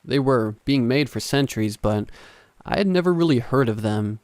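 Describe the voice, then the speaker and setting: A man narrating first-person horror stories in a steady, grave, scripted storytelling manner. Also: medium pitch, moderate pace, smooth.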